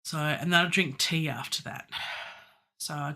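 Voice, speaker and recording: Middle-aged woman, a musician streaming live from her home studio; bright, sharp tone; chatty, digresses, laughs at herself. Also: low voice, fairly even intonation, normal speed. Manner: chatty, digressive, self-mocking, laughs often. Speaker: musician livestreaming her songwriting. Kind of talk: casual live-stream chat. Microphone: studio microphone.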